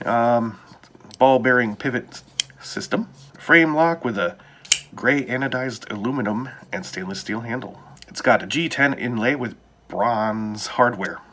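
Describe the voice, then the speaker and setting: A man's voice: medium pitch, a little slow, a bit bright, slight background noise. A man casually talking through a knife unboxing, with wry asides muttered to himself.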